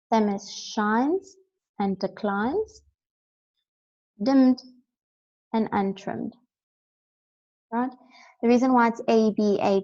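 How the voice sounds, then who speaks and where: A woman's voice: on the high side, darkish tone, dull audio. A woman teaching a recorded lesson, explaining step by step and often checking in with "right?".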